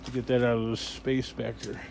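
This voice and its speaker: With a creaky, medium-pitched voice that moves a little fast, a middle-aged man keeps up a wandering, chatty monologue while working. He's vlogging from a scrap-filled work space, handling items and talking to himself against steady background noise.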